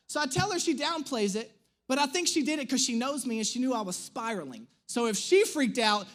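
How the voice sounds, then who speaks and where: A man in his thirties, a pastor, telling a humorous personal story in an animated, self-mocking way during a sermon. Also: very high-pitched. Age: 30s. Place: church stage.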